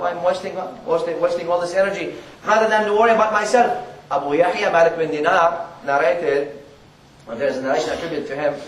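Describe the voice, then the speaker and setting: A man giving a Friday sermon, earnest and repetitive, reciting Arabic verses quickly between his explanations. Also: fairly high pitch, echoey room, distant mic, slight background noise, poor audio. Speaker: preacher.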